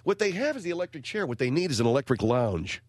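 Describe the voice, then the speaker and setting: A male talk radio host speaks quickly and in a lively, animated voice. He is wisecracking and exasperated, close on a dry studio mic. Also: mid-range voice, no room sound.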